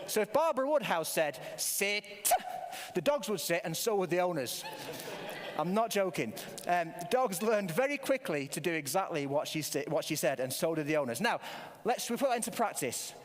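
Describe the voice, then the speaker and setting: Playful older preacher in a reverberant church. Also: male voice, sits high, very animated, brisk. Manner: playful, quizzes the children, many restarts. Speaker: preacher leading a family service. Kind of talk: all-age church talk with a toy dog. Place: church hall. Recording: long hall reverb.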